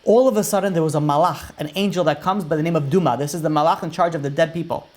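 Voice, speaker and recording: Rabbi as storyteller, animated, voice swelling and dropping. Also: male voice, on the high side, fast. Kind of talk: storytelling sermon.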